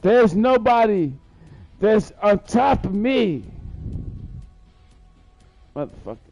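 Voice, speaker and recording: Slow, gravelly high-voiced man rambling. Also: lively intonation, darkish tone, no echo, lo-fi sound, soft background music. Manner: profane, boastful storytelling full of repetition. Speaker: live streamer. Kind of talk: rambling live-stream monologue.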